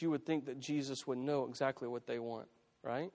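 A pastor with a mid-range, slightly mellow voice preaches briskly with fairly even intonation. He keeps it conversational, restarting often and repeating phrases, and the church sanctuary adds long reverb to the recording.

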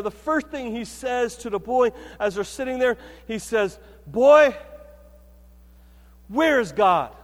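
A man preaching a sermon as the pastor, in a conversational, storytelling way with frequent check-ins to the congregation. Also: high voice. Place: church sanctuary. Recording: reverberant church hall.

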